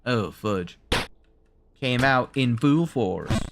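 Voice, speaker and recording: A man's voice: mid-range voice, lively intonation, very slow, vocal fry, noisy background. A man with a Southern drawl giving live gameplay commentary, thinking aloud in rambling self-talk, his voice wearing out. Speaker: streamer.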